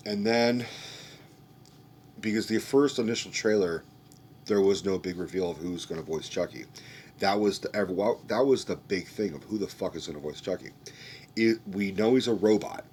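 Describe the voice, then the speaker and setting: Brief: young man, low deep voice, loose and swearing, rambling movie-review rant, faint background noise. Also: lively intonation, normal speed, long pauses, a little mellow. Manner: rambling, profane, restarting sentences.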